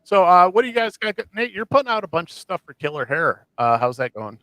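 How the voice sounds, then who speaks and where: A man's voice: high voice, big pitch swings, fairly quick, sharp tone, dry recording, poor audio. Male podcast host, casual and rambling, dry close-miked sound. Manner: rambling, many fillers and restarts. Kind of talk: casual chat.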